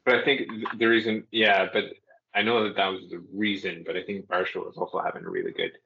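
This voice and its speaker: A man's voice: sits low, animated, fast, vocal fry, pushed and bright, muffled recording, slight background noise. A man co-hosting a sports podcast in casual chat, hesitant and full of fillers as he weighs his opinions. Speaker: podcast co-host.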